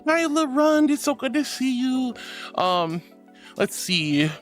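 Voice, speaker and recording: A woman's voice: sits high, big pitch swings, slow, soft background music. A woman streaming from home, chatting casually with her viewers in a bubbly, affectionate, giggly way. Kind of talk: casual livestream chat reading comments.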